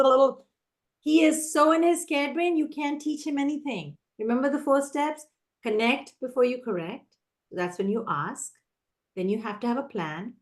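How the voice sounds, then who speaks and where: A woman trainer answering teachers' questions in a live online session, energetic and animated, often acting out how a teacher talks. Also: fairly high pitch. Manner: energetic, animated, acts out teacher and child voices. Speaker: classroom management trainer.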